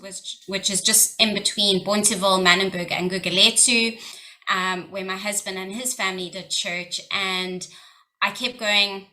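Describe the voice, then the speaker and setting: A woman's voice: mid-range voice, bright, forceful tone, rough recording. A South African woman on a discussion panel, telling her personal story in an earnest, heartfelt way. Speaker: panelist, social worker and charity leader. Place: couch panel conversation.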